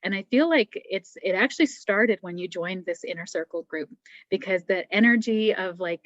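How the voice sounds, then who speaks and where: A woman giving gentle, encouraging intuitive readings to listeners, thinking aloud as she goes. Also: mid-range voice, dry recording, highs cut off. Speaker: psychic medium guest.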